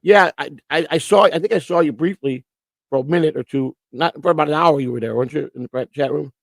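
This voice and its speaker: A man's voice: on the high side, fast talker, creaky, no room sound. A man hosting a casual live-stream chat show, rambling and stammering through repeated restarts. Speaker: host. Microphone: computer setup with earphones.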